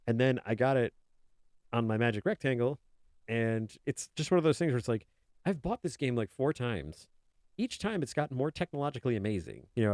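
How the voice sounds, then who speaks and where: Man, casual stream chat, joking, rambling, lively up-and-down delivery. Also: on the low side, dry recording, studio quality. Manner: rambling, joking, speaks as a kobold in his own voice. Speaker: art streamer. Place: indoors at a desk.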